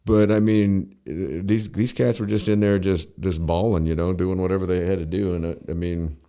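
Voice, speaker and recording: A man's voice: sits low, steady tone, moderate pace, dark tone, clean tone. A man guesting on a podcast, telling a rambling story in a casual, profane way full of fillers.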